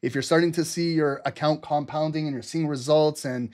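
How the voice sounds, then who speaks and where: A man hosting a live trading stream, talking fast and excitedly, laughing often and swearing casually. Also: a little high. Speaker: livestream trading host.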